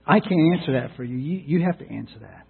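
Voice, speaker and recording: Husky-voiced preacher on tinny radio. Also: male voice, a little high, expressive, quick pace. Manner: earnest, repeats words when starting a thought. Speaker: pastor. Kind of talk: sermon. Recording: tinny narrowband radio broadcast.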